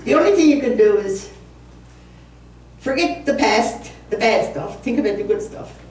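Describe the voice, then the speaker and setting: A woman's voice: on the high side, expressive, moderate pace, a little mellow. A woman in her seventies telling a rambling, humorous story to a live audience at a community concert, laughing at herself as she goes. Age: 70s. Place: community hall. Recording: echoey hall, distant mic, faint room noise.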